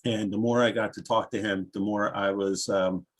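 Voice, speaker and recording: A man's voice: lowish voice, fairly even intonation, moderate pace. A tearful man on a video call, giving heartfelt, rambling remarks as an advocate before introducing a speaker. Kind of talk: heartfelt remarks at a virtual panel.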